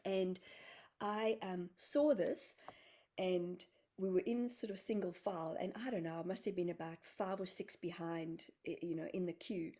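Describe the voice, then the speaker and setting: Mellow, husky woman telling a story. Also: on the low side, normal speed. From South Africa. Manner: animated, acts out her own quoted words. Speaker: guest healer and spiritual medium. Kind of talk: casual storytelling in an interview.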